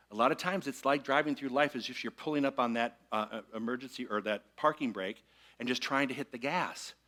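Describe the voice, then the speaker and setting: Bright-voiced man giving a sermon. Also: mid-range voice. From Michigan. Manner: conversational, asks the congregation to repeat lines. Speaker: minister. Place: church sanctuary with congregation.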